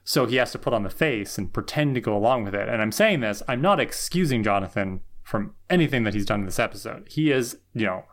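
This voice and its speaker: A man's voice: mid-range voice, lively intonation, fast, hardly any pauses. A man co-hosting a podcast, talking through a TV episode in a thoughtful, tired way, often adding "right?". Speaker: podcast co-host. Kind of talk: casual recap chat.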